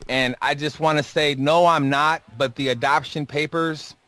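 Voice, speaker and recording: A man's voice: a little high, steady tone, moderate pace, sharp tone, no echo. A man hosting a casual podcast from home, joking loosely with his co-host. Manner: joking, loose, chewing food. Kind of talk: casual chat.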